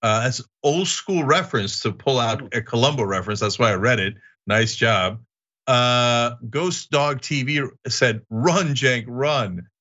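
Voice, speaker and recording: Bright, animated male host. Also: medium pitch, measured pace, muffled recording. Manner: laughing, animated banter. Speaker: show host. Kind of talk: casual chat, reading viewer comments.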